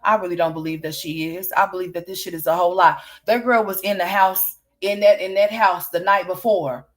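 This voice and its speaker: Woman commentator ranting her opinions, blunt, profane, hammering questions. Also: medium pitch. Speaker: online commentator.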